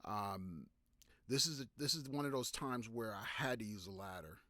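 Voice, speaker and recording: A man's voice: fairly low pitch, normal speed, bright, forceful tone, no room sound. A man giving photography tips on a live stream, talking loosely with fillers and restarts and stopping to answer viewer questions. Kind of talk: casual live-stream talk.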